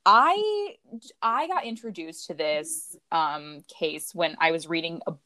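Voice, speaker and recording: An American woman hosting a casual podcast, chatty, with lots of fillers and quick jokes. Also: fairly low pitch, animated, sharp tone, no room sound. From United States. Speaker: podcast host. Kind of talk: casual true-crime chat.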